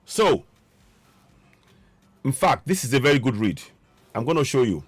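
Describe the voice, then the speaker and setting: A man delivering an impassioned political monologue, forceful and repetitive, with a preaching cadence. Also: medium pitch, sing-song, normal speed, husky, no room sound, faint music behind. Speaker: political commentator.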